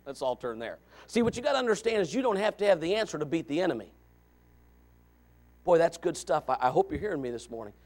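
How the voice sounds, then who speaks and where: A man's voice: a little high, lively intonation, quick pace, darkish tone. A middle-aged man preaching a sermon, emphatic and impassioned, with joking asides.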